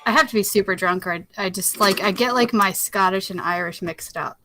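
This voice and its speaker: A woman's voice: medium pitch, brisk, bright, forceful tone, no room sound. A woman chatting casually on a group video call, rambling and laughing often.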